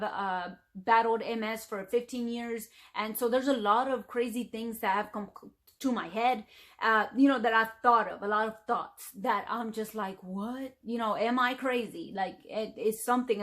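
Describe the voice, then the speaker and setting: A woman's voice: fairly high pitch, fairly bright tone. A middle-aged woman from the United States talking casually to camera as a vlogger, rambling with lots of fillers. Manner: chatty, rambling, frequent fillers.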